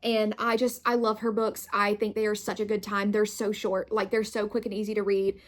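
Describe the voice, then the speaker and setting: A woman's voice: mid-range voice, flat delivery, moderate pace. Bubbly young woman gushing casually. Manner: bubbly, gushing, filler-heavy. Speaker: book vlogger. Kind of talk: casual chat.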